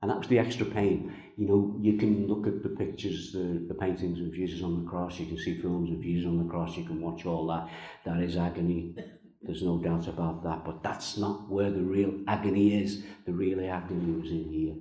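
A man preaching a sermon as pastor, slow and emphatic, with pauses and repeated phrases. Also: deep voice, level tone, dark tone, echoey room, low-quality recording. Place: church.

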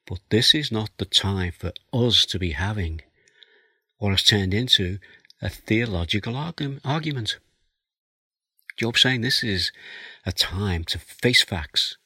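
A man's voice: low voice, bright, forceful tone, husky, dry recording. A man preaching a sermon, explaining a passage of scripture verse by verse and reading it aloud. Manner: expository, reads scripture aloud.

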